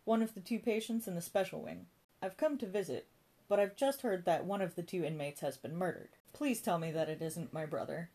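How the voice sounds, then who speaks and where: A woman's voice: on the low side, brisk, dark tone. A woman reading a storybook voicing a polite, anxious man hoping to visit his brother.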